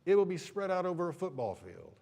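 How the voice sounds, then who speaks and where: A man playing a stern, heavyset highway trooper who barks at a young driver. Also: animated, a little slow, heavily acted. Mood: stern, yelling. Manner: barking, loud and stern.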